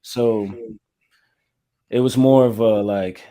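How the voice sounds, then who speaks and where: A man from Florida, a music artist interviewed as a guest, telling his own story in a reflective, measured and candid way. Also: on the low side, fairly even intonation, warm tone.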